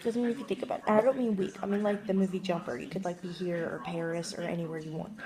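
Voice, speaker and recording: A woman's voice: on the low side, steady tone, rapid-fire, crowd noise, low-quality recording. A woman vlogger musing aloud in a casual, jokey monologue, rambling and trailing off as she thinks.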